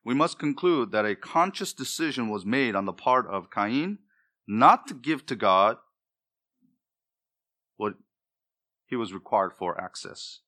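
A man's voice: mid-range voice, lively intonation, measured pace, pauses often, sharp tone. A male pastor preaching a sermon, with emphatic delivery that rises and drops for emphasis.

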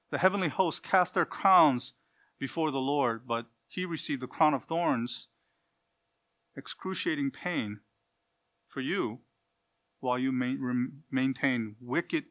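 Earnest preacher man, pleading questions. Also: mid-range voice. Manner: earnest, pleading, swings between loud emphasis and quiet; asks the listeners direct questions. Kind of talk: sermon.

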